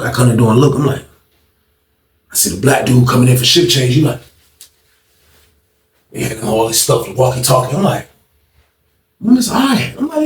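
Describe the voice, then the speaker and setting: Man telling a jail story, echoey room. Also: mid-range voice. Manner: animated, slangy, repetitive, acts out quotes. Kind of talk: casual storytelling. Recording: echoey room, distant mic.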